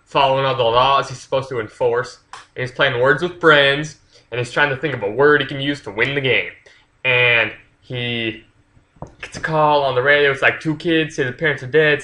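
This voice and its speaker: A man's voice: mid-range voice, sharp tone, low-quality recording. A man casually retelling a story's plot for a book review, rambling with lots of fillers and swearing freely.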